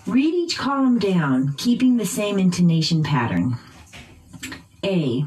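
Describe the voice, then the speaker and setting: A woman teaching English pronunciation, reading drills slowly with exaggerated stress. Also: on the low side, big pitch swings, a little mellow, slight background noise, low-quality recording. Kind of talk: recorded pronunciation lesson.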